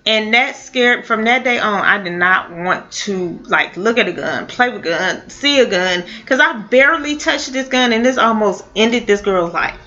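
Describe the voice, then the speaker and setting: A woman telling a personal story in a casual, halting way, with many fillers and restarts. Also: mid-range voice, expressive, sharp tone. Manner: halting, full of fillers and restarts, laughs now and then. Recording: dull lo-fi audio.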